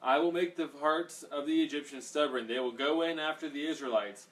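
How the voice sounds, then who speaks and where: A man reading the Lord, loud and commanding. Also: fairly high pitch, brisk, voice pushed up, close to an everyday voice. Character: the Lord speaking to Moses, commanding. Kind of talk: scripture read aloud. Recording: distant mic, faint background noise.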